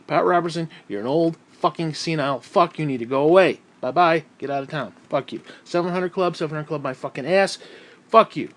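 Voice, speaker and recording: Guy ranting to camera, swearing nonstop, irritable, sighs a lot, kinda high voice. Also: a little fast, fairly bright tone. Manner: profane, irritable, heavy sighs. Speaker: vlogger. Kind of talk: angry ranting monologue.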